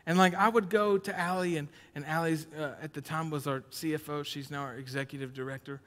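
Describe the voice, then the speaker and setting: A man preaching a sermon, shifting between loud emphatic points and low conversational storytelling. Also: fairly even intonation, fairly quick. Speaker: pastor. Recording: long hall reverb.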